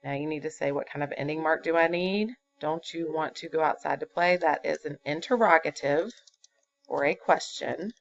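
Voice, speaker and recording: Speaking at a moderate pace in a low, creaky voice, a woman patiently walks a fifth-grade class through grammar step by step, with fillers. It's a recorded classroom lesson on a dull lo-fi computer recording.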